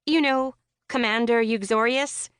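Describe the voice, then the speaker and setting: A woman's voice: fairly high pitch, steady tone, unhurried, smooth, no echo, voice pushed up, lightly acted. Woman doing a self-conscious young woman in her twenties, earnest, flustered, dry close sound. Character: anxious, awkward young woman gamer, twenty-one.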